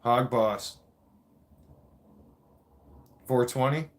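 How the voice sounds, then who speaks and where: A man's voice: medium pitch, unhurried. Crude ranting man. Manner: crude, mocking, repetitive rant with cursing; vaping while talking. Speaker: vlogger. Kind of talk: profane political rant.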